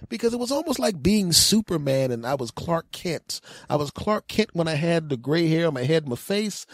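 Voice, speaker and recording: A man in his forties telling a comic story on his podcast, animated and jumping into other people's voices. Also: no echo, studio quality. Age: 40s. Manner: animated, mimics other people's voices with big pitch jumps. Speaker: podcast host. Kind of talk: comedic storytelling monologue.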